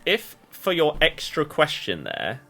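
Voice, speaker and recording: A man's voice: on the high side, huge pitch swings, measured pace, vocal fry, sharp tone. A man playing as a guest in a gaming video, thinking aloud in a muddled, self-questioning way. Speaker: guest player. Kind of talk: casual gaming chat. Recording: music playing faintly behind.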